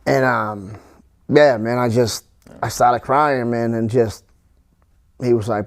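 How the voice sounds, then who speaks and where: A middle-aged man speaking at a middle pitch, telling a hard personal story as a podcast guest. He talks haltingly, stops and restarts, and leans on fillers as he goes. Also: fairly even intonation.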